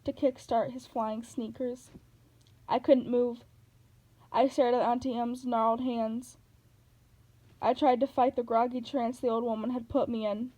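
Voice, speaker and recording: High-voiced woman reading a novel. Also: flat delivery, unhurried, pauses often, dark tone, poor audio. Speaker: narrator.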